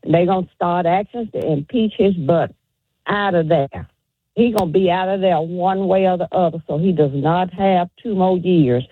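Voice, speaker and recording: A woman's voice: lowish voice, moderate pace, husky, no echo. A woman calling into a radio show, firm and emphatic, repeating her points. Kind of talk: call-in radio opinion. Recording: tinny phone line.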